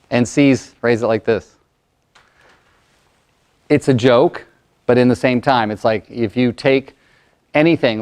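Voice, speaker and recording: A man in his sixties, a motivational speaker and coach, telling stories and acting out voices in a lively workshop talk to an audience. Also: mid-range voice, smooth. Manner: animated storyteller, acts out client voices.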